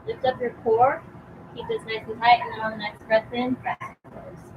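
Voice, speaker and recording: A young woman teaching a yoga class outdoors, giving calm, encouraging cues with casual fillers, a bit out of breath. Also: fairly high pitch, normal speed, lo-fi sound, background noise. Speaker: yoga instructor. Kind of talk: guided yoga class instruction.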